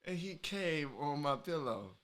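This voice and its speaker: A man's voice: on the high side, animated, measured pace, a bit bright. A man hosting a casual reaction video, talking in slang straight to his viewers.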